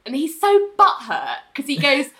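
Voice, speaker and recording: Animated woman recapping a show. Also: sits high, moderate pace. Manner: animated, laughs often, acts out quoted lines. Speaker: podcast co-host recapping a TV episode. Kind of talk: casual chat, retelling scenes.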